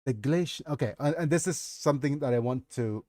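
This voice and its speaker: A man's voice: medium pitch, brisk, dark tone, no echo, clean studio sound. A man with a Nigerian accent reading his own fantasy novel aloud on a livestream, often stopping to comment on it. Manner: breaks off to comment and laugh at himself. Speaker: streamer and author.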